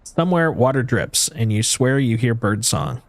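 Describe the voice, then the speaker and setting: A man's voice: medium pitch, animated, moderate pace, no echo. A man streaming, reading a video game's story aloud in second person, often restarting his phrases.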